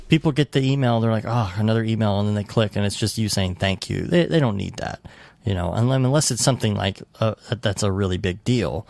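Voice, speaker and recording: A man's voice: on the low side, creaky, no echo. A man co-hosting a podcast in casual chat, rambling with lots of fillers and restarts. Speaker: podcast co-host.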